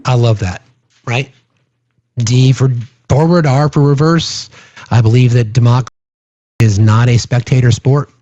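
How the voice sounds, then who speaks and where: A man's voice: mid-range voice, steady tone, a little slow, pauses often, warm tone, dry recording, dull audio. Earnest man hosting a political livestream. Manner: earnest, many restarts and "right?" asides. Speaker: livestream host. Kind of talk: casual political livestream chat.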